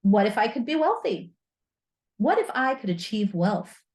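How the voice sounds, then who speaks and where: A woman's voice: medium pitch, very animated, moderate pace, a little mellow. A woman hosting a self-help podcast, talking candidly and with humor, using playful slang. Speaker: podcast host.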